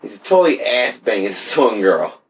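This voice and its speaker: A man's voice: on the low side, very animated, moderate pace, slight background noise. A man in casual, crude conversation, rambling through a story with lots of filler words.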